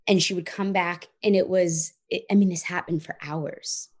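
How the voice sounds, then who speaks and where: A woman's voice: fairly low pitch, fairly even intonation, normal speed. A woman in her thirties, an interview guest telling a personal story in an earnest, reflective way, often saying "like" and "you know".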